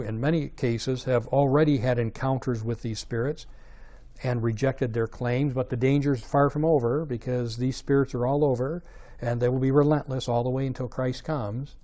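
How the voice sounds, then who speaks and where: A man's voice: mid-range voice, fairly even intonation, normal speed, mellow. A man teaching a Bible study in a conversational way, checking in with rhetorical questions and rising to emphatic stresses.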